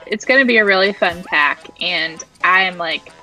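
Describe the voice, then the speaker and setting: A woman's voice: on the low side, normal speed, pushed and bright, faint music behind, low-quality recording. A woman co-hosting a casual stream, upbeat and enthusiastic. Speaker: stream co-host.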